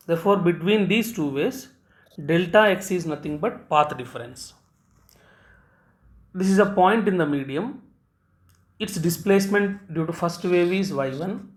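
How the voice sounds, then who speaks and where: A man teaching physics, explaining step by step and pausing on "uh" before key terms. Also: fairly high pitch. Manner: halting, frequent "uh" before key terms, repeats phrases. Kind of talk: recorded physics lecture at a board. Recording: echoey room.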